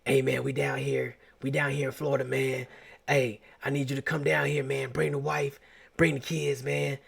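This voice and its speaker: A man's voice: medium pitch, little pitch movement, moderate pace, vocal fry, husky. A man putting on the voice of his laid-back uncle, who drawls slang and keeps saying "man" and "nephew.". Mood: hyped. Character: laid-back middle-aged uncle, easygoing and generous.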